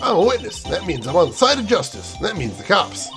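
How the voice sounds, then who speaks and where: A man's voice: sits high, very animated, a little fast, creaky, fairly bright tone, faint music behind, voice pushed up, exaggerated voice. A man voicing a chatty Southern woman photographer with a drawl and homespun sayings. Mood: sassy.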